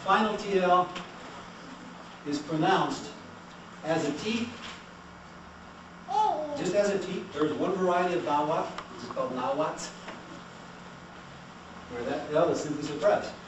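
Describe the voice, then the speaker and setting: Animated male lecturer in an echoey room. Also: on the high side, a little slow, pauses often. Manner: animated, asks the class questions and has them repeat. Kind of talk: classroom language lecture. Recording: echoey room, mic far off, noisy.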